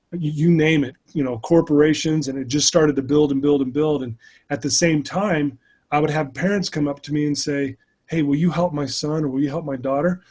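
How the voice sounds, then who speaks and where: Middle-aged male guest, a touch high-pitched, chatty and animated as he tells his story. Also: husky. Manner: animated, many "you know" fillers. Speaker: interview guest, life coach. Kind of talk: casual storytelling.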